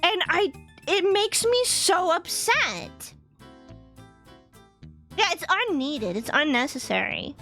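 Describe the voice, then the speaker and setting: A young woman chats with her stream viewers in a high voice that leaps up and down all the time. She is animated and laughs often, and faint game music plays softly behind her. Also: takes it slowly, pauses often. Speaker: vtuber streamer. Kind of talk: casual livestream chat.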